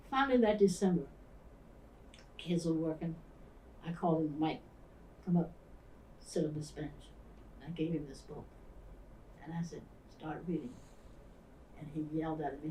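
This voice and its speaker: An older woman pastor from the Philadelphia area recounts memories in an interview, acting out the voices of the people in her stories. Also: on the low side. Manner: animated storyteller who acts out the voices of people in her story. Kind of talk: storytelling interview. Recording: roomy, distant mic.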